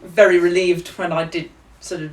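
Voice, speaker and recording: A woman's voice: lowish voice, level tone, normal speed, recorded from a distance. Chatty woman in an echoey room. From England. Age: young adult. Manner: chatty, laughs often, acts out quoted voices. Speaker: author guest. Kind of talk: casual interview storytelling.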